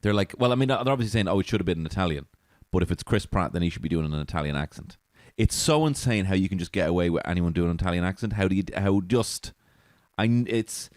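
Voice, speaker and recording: A man's voice: lowish voice, fast talker, dry recording, studio quality. A man hosting a comedy podcast alone, rambling, swearing and laughing at his own jokes from a small alcove. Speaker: podcast host. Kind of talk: solo comedy podcast monologue.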